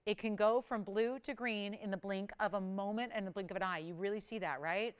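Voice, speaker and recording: A woman hosting a live shopping channel, pitching jewelry with chatty enthusiasm and talking to callers and crew between descriptions. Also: brisk, clear, resonant tone. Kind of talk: live on-air sales pitch.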